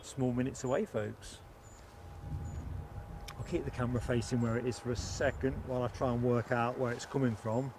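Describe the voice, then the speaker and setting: A man's voice: mid-range voice, little pitch movement, normal speed. A man hosting a casual live stream outdoors, chatting and joking with viewers in the chat. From England. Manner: chatty, jokey, reads out chat names. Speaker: livestream host. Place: outdoors by an airport. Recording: outdoor stream with clear background noise.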